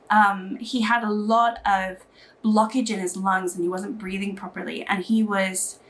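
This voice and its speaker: A woman's voice: medium pitch, a bit bright. Woman doing a chatty grwm vlog, rambly, lots of likes and ums. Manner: chatty, rambling, many fillers. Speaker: beauty vlogger. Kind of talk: chatty get-ready-with-me talk.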